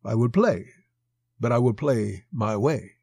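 A low-voiced young woman from an old pulp tale, pleading and resolute, as a man puts her on in a raised, louder voice. Her tone stays gravelly and husky, read close and dry. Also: expressive, measured pace, no room sound, full character voice.

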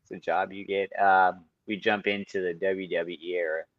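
Low-voiced man telling fight stories. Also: moderate pace, dry recording, dull audio. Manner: animated storytelling, swears often. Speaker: guest, kickboxer and Muay Thai instructor. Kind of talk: casual podcast chat.

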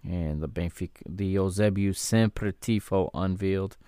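A man's voice: sits low, measured pace, warm tone, smooth, no room sound, studio quality. A man hosting a podcast, giving chatty, easygoing watchalong commentary on an old football match and correcting himself as he goes. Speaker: podcast host.

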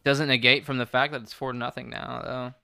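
A man's voice: medium pitch, flat delivery, a little fast, gravelly, pushed and bright, smooth, no room sound, studio quality. A man co-hosting a casual podcast, blunt and teasing in his remarks. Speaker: podcast co-host. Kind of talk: casual chat.

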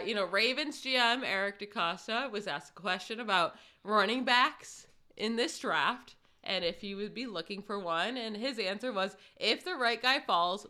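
A woman with a bright, forceful voice chats casually on a sports podcast. She reads out news items and adds her own asides. Her pitch sits in a middle range. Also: smooth. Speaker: podcast co-host.

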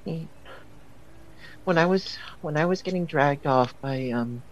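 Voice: mid-range voice, dull audio. A player speaking in character at a tabletop game, hesitant with many fillers. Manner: slow, hesitant. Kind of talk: casual tabletop role-play.

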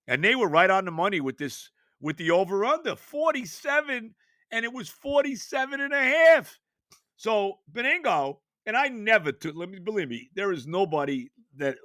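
A man's voice: a little high, bright, forceful tone, no room sound, clean studio sound. A man in his later years hosting a sports podcast, talking casually and with emphasis, often asking rhetorical questions. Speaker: podcast host.

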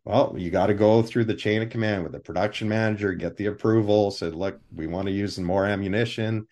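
A man, a film armorer, telling animated anecdotes with voiced quotes in a live interview over a video call. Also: lowish voice, a little fast.

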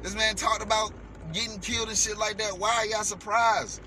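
A man delivering a heated, profane rant as a vlogger, shouting at times. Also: sits high, flat delivery, moderate pace, a little hiss or hum. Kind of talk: heated ranting commentary.

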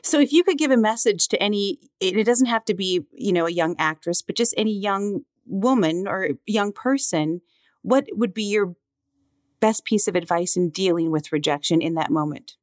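A woman co-hosts a casual podcast chat, asking questions in a steady way. Her voice is mid-range and her speed normal, recorded at studio quality with no room sound.

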